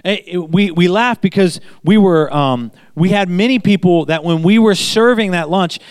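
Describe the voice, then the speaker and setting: A man's voice: high-pitched, normal speed, smooth, no echo. A man pastor giving a chatty sermon, telling anecdotes and repeating phrases for emphasis. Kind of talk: conversational sermon.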